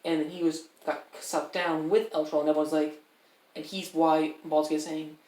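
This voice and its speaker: A man's voice: on the high side, flat delivery, moderate pace, darkish tone. Rambling game master man. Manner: rambling, self-correcting explanations. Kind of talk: narrating a tabletop game. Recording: roomy, distant mic, faint noise.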